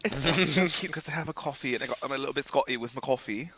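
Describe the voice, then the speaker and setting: A man's voice: mid-range voice, bright, forceful tone, a little hiss or hum. A man playing in an online tabletop game, chatting casually and telling jokes. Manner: quick, joking, storytelling. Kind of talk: casual chat on a group call.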